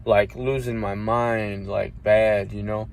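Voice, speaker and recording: A man with a fairly low, gravelly voice speaks slowly and flatly as he casually recounts a long personal story. He curses often, rambles and restarts, and loudly acts out the voices he quotes.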